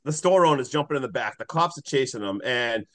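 A man's voice: mid-range voice, animated, brisk, a bit bright. A man co-hosting a casual movie podcast, retelling scenes with lots of "like" and acting out characters' lines. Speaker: podcast co-host. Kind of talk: casual movie recap chat.

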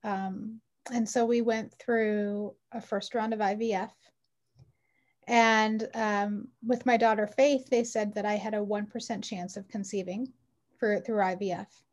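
A woman's voice: mid-range voice, steady tone, a little slow, dull audio. A woman in her forties, an interview guest telling her personal story in an earnest, heartfelt way with frequent ums. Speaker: mother.

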